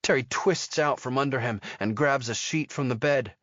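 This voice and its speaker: A man narrating a thriller audiobook in a steady, measured storytelling manner. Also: mid-range voice, dry recording, dull audio. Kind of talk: scripted narration.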